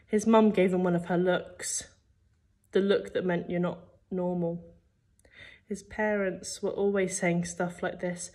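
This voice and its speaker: A woman's voice: lowish voice, measured pace. A woman teacher reading a children's book aloud, telling the story expressively. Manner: expressive storytelling, acting out the characters. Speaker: primary school teacher.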